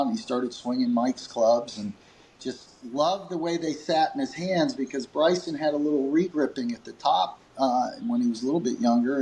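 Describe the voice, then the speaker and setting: A little hiss or hum runs through this poor audio of a man telling a lengthy story during an interview. He runs a grip company and is animated, voicing quoted lines with sudden pitch jumps and chuckling between fillers.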